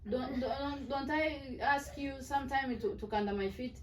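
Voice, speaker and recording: A woman's voice: sits high, steady tone, measured pace, few pauses. Mother lecturing from a distance. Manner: firm, earnest, repeats "do you hear me". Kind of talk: lecturing her children at a family meeting. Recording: distant mic with faint background noise.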